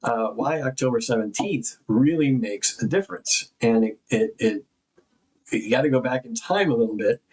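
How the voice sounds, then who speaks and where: A man's voice: mid-range voice, animated, normal speed, a little mellow, breathy edge, low-quality recording. A man, an investigative journalist, talking in a casual, joking way with lots of fillers and restarts. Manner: informal, joking, rambling with fillers. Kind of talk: casual conversation.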